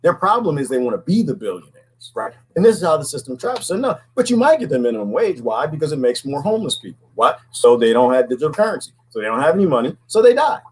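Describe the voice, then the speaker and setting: A man's voice: on the high side, sing-song, quick pace, a little hiss or hum, rough recording. A man talking alone in a casual, preachy monologue, often asking "right?" and repeating words. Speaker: commentary host.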